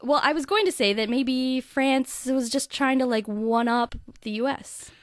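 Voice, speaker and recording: A woman's voice: sits high, unhurried, no echo. Dry-witted young woman, dead-dry sound. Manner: dry, teasing comebacks. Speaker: co-host. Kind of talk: comedic news chat.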